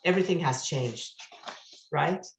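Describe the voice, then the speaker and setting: A woman giving an online talk, telling stories with excitement, acting out quotes, and laughing often. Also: sits low, unhurried, gravelly, reverberant, slight background noise. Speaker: speaker at an online study session. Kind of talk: animated storytelling talk. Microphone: video call.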